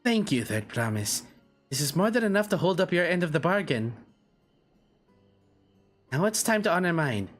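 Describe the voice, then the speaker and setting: A man's voice: fairly high pitch, very animated, moderate pace, long pauses, soft background music. A man reading game dialogue aloud, voicing a polite, formal male trader.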